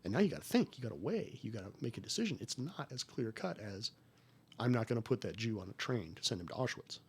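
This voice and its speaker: A man's voice: mid-range voice, quick pace, husky. A man in his forties, a former federal agent, telling stories as a podcast guest in a folksy, emphatic way. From United States. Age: 40s. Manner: folksy and emphatic, rising to animated retellings. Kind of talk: conversational interview storytelling.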